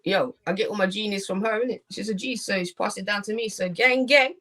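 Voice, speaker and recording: A woman's voice: medium pitch, a little fast, sharp tone. A woman guest poet in casual chat, talking in a slangy, playful way and laughing easily.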